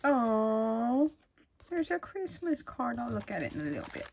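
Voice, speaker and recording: A middle-aged woman, chatting casually and gushing excitedly as she opens craft mail at home. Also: fairly high pitch, a little slow, vocal fry. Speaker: crafting vlogger. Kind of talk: casual unboxing chat.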